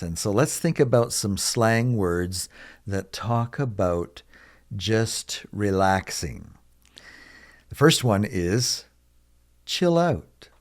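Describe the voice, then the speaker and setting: Slow, low-voiced male English teacher. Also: darkish tone. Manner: slow, deliberate explanations with repeated example phrases. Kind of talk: online English lesson.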